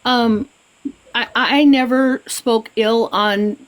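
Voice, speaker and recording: A woman in a heated live stream argument, talking with a slightly high voice. She is upset and emphatic, saying she is shaking, and keeps repeating herself as she pleads her case. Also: fairly even intonation, slow pace, rough recording. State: shaking with anger.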